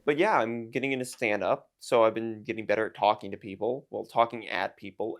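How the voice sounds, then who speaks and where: Rambling self-mocking guy. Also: mid-range voice. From United States. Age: 20s. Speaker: YouTuber and streamer. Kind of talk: casual vlog rant to camera.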